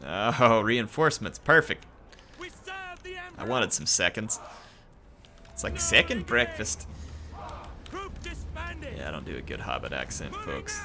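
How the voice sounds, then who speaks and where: A man commentating his own strategy game play in a chatty, excitable way, cheering at big moments. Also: lowish voice, unhurried, long pauses. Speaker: gameplay commentator. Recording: game music behind the voice.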